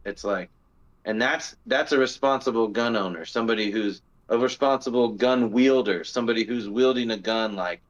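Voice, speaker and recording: A man of middle pitch talks through a podcast discussion, rambling and circling back with fillers and restarts. His voice comes through slightly dull and lo-fi, in casual chat as a co-host. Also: moderate pace.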